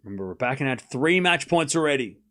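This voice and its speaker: A man hosting a live stream, calling tennis play-by-play in a chatty, excitable way, joking about the crowd and talking to his viewers. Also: medium pitch, fast. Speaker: stream host.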